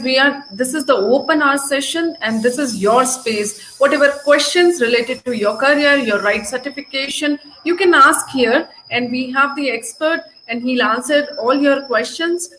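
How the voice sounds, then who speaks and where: A woman's voice: sits high, moderate pace, few pauses, fairly bright tone, slight background noise, low-quality recording. A woman hosting a live online Q&A, addressing viewers directly and telling them how to post questions. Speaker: host.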